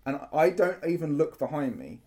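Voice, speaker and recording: A man's voice: fairly high pitch, expressive, warm tone. Enthusiastic rambling man in casual chat. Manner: enthusiastic, rambling, quick to laugh. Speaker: podcast co-host recounting a larp event.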